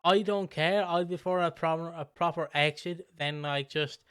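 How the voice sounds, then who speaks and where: A man co-hosting a casual podcast, rambling through his points with lots of restarts and swearing. His voice sits a bit high and sounds smooth and clear. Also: moderate pace, no echo, studio quality. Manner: rambling, animated, swears freely. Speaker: podcast co-host.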